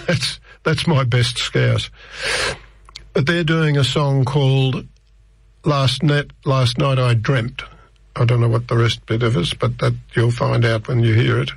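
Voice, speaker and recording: A man's voice: mid-range voice, steady tone, a little slow, gravelly, breathy edge, dry recording. An older man, presenting tracks on the radio in a rambling, chatty way with many restarts. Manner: rambling, digressive, with frequent restarts. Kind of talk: casual radio track introductions.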